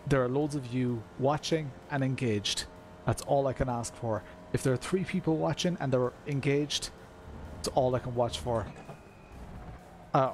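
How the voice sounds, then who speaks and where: A man's voice: medium pitch, a little mellow, a little hiss or hum. Chatty Irish man streaming sim racing. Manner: chatty, greets viewers by name, many fillers. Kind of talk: casual live-stream commentary while racing. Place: room at home.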